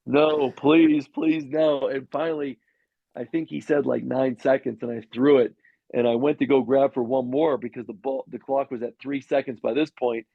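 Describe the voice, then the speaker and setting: A man's voice: medium pitch, steady tone, normal speed, gravelly, slightly rough, no room sound, phone-quality sound. A middle-aged man, a former pro quarterback, telling rambling anecdotes in a casual interview with many restarts and fillers.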